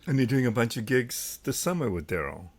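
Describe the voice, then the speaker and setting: A man hosting a podcast, interviewing a guest with relaxed, conversational questions. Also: medium pitch, a little fast. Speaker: podcast host.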